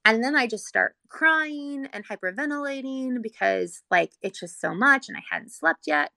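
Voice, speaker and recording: Gravelly-voiced mother telling an emotional story. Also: a little high, lively intonation, moderate pace, bright, forceful tone, no echo. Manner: earnest and rambling, heavy with "like"; emotional, close to tears. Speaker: mother telling her son's hospital story. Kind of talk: personal storytelling, casual.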